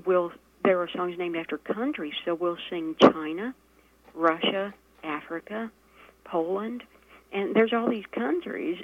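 A woman, a radio guest explaining things hesitantly with many fillers. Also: on the low side. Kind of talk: phone-in radio interview. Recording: tinny phone line.

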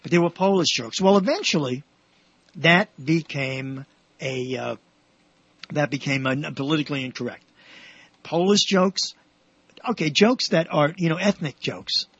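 Man, radio host, husky voice, rambling joke telling, dull dry recording. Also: on the high side, normal speed, long pauses, no echo. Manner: rambling, restarts often, animated punchlines. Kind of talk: telling jokes on air.

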